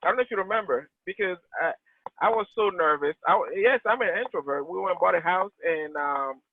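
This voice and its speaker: A man in his late thirties with a Togolese accent, talking earnestly and animatedly with many restarts. His voice sits fairly high for a man. The sound is tinny and dry, like a phone line. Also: lively intonation, fairly quick, no room sound. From Togo, West Africa. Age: 30s. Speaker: real estate agent guest. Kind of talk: conversational interview answers.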